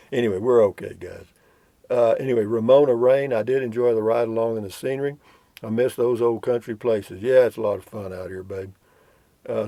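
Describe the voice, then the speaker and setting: An older man chuckles and rambles in a folksy way while reading viewer comments during a casual road-trip vlog. His mid-range voice is mellow, and the recording has no room sound.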